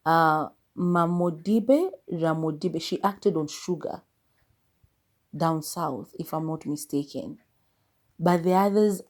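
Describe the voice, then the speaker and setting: Low mellow woman rambling thru a movie review on her podcast. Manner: chatty, rambling, self-correcting. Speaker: podcast host. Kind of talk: casual movie review monologue.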